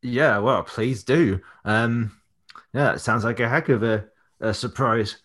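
A man talks through a list of upcoming matches in a relaxed podcast chat. He keeps it loose and conversational, dropping frequent fillers as he goes. His voice sits in an ordinary middle pitch. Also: unhurried. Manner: reels off a match card, loose and chatty with many fillers. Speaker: wrestler and promoter guest.

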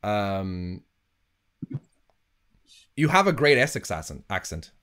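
A man's voice: lowish voice, very animated, slow, fairly bright tone, clear, resonant tone. A man hosting a casual podcast chat, asking teasing, playful questions of his guest. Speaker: podcast host and wrestling trainer.

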